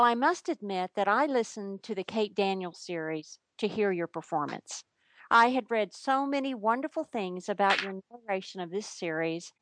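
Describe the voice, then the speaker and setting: A woman interviewer asking prepared questions in a measured, complimentary way. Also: medium pitch, no echo.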